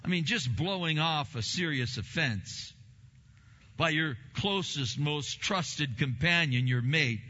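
A middle-aged male pastor preaching a sermon in an emphatic, repetitive style, with sudden loud bursts. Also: a little high, lively intonation, takes it slowly. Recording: muffled sound with long hall reverb.

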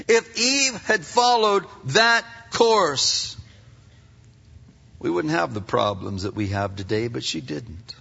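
A man's voice: a little high, gravelly, bright, forceful tone, breathy edge. A man pastor preaching a sermon in punchy phrases, with rhetorical questions and emphatic repetition. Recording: dull recording with long hall reverb.

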